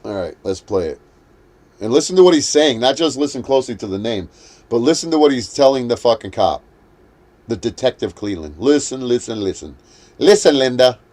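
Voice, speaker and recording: A man's voice: medium pitch, expressive, fairly quick, a little mellow. A man hosting a livestream, ranting in a heated, profane, combative way. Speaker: livestream host. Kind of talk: livestream rant.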